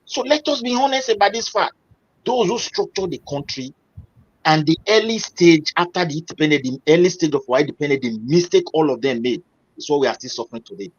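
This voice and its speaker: Earnest Nigerian male caller, husky tone, muffled dry phone-in sound. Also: a little high, expressive, fairly quick. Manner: earnest, repeats himself, pushes on when cut off. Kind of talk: call-in political discussion.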